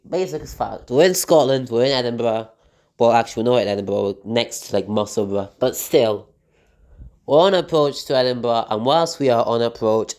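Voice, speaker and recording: A man's voice: medium pitch, darkish tone, smooth. A man recapping his trip in a casual travel vlog, chatty and loose, with lots of fillers and restarts, talking while travelling in a vehicle. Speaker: travel vlogger.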